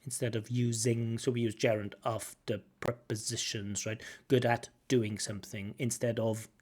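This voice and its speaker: Guy explaining test feedback, lively and expressive, over a video call. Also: mid-range voice, normal speed. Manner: animated, acts out intonation with singsong syllables. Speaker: IELTS examiner giving feedback. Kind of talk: spoken feedback on a recorded test.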